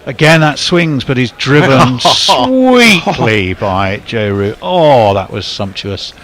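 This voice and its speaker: A man giving ball-by-ball cricket commentary, measured and lifting on big shots, with faint background noise. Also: medium pitch, very animated, fairly bright tone.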